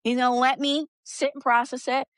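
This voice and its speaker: A woman guest on a podcast, talking candidly with frank swearing and lively storytelling. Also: high-pitched, brisk, smooth, no room sound, studio quality. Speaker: guest, energy practitioner. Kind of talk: casual podcast conversation.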